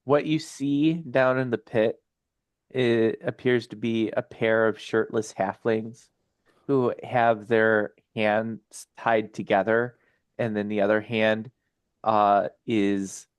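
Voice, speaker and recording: A man runs a tabletop game in a slow, measured way, with a lowish voice that sits close to the mic. He lays out scenes patiently and laughs easily with his players. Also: steady tone, clean tone, no room sound. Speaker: game master.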